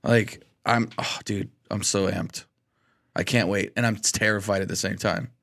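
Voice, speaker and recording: A man co-hosting a podcast in casual chat, excitable and animated, often saying "dude". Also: on the low side, a little slow, vocal fry. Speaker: podcast co-host.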